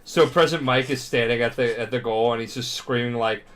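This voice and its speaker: Drunk man, podcast host, recapping an anime with profane glee and quick character voices that jump high and loud. Mid-pitched voice, rambling and loose. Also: steady tone.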